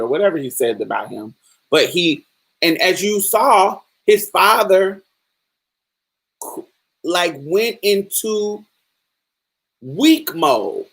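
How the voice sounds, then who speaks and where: A woman's voice: medium pitch, animated, takes it slowly, long pauses, a bit bright. A woman podcast host giving casual film commentary, emphatic and profane, acting out the characters' lines as she talks.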